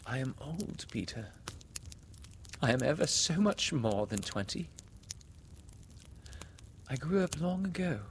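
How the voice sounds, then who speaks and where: A man voicing a gentle, guilt-stricken young woman who speaks softly and hesitantly, in a storybook reading. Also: medium pitch, expressive, measured pace, voice pushed up, close to an everyday voice. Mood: sad, tender. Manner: soft, faint and hesitant. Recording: reverberant room, faint hiss.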